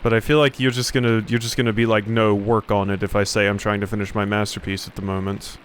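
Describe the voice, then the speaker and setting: A young man playing a game, reading its dialogue aloud and adding sarcastic commentary with sudden loud outbursts. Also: fairly low pitch, flat delivery, quick pace, a little hiss or hum. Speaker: let's play commentator.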